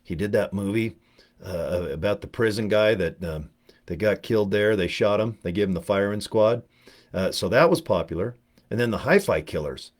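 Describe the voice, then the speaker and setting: A middle-aged man with a fairly low voice tells a long, digressive story from his youth. His humor is crude, and he keeps acting out the people he quotes. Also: animated, normal speed. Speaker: vlogger telling a personal story. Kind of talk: rambling comic storytelling.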